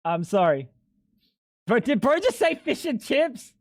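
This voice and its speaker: Young male streamer, casual and excitable, high-pitched, dry sound. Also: a little slow, dry recording. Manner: animated, swearing, laughing a lot. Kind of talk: casual live-stream chat.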